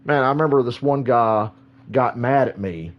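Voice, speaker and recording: A man streaming a live football reaction, loud, profane and animated. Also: medium pitch, moderate pace, lo-fi sound.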